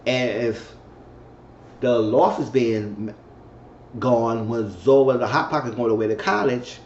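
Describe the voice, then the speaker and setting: A man giving a casual, chatty recap of a TV episode, repeating himself as he goes and now and then acting out characters' lines in a high falsetto. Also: takes it slowly, darkish tone. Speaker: TV episode reviewer. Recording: muffled, roomy recording with faint hiss.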